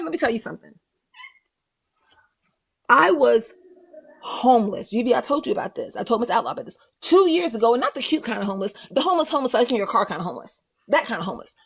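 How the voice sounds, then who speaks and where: A woman's voice: sits high, animated, quick pace, gravelly, slightly rough. A woman hosting a livestream reaction, ranting bluntly and profanely in casual commentary with mocking asides. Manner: does mocking voices of others.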